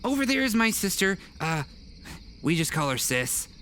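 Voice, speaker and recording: A man's voice: very animated, moderate pace, slight background noise, full character voice. A man voicing an eager young boy bunny who is an archer, in a tabletop game. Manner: bright, chipper and very high.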